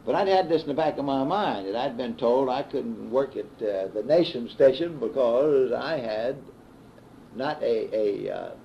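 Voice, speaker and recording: A man in his fifties with a Southern US accent, a sports broadcaster telling stories in an unhurried interview with many pauses and restarts. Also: medium pitch, animated, vocal fry, slight background noise. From American South. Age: 50s. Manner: unhurried storyteller with frequent "uh" restarts. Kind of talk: reminiscing interview. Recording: dull 1960s reel-to-reel tape.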